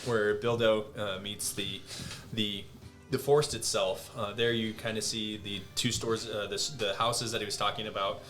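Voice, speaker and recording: A man narrating a tabletop game as dungeon master, talking in halting bursts full of restarts. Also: lowish voice, level tone, a bit bright, faint music behind.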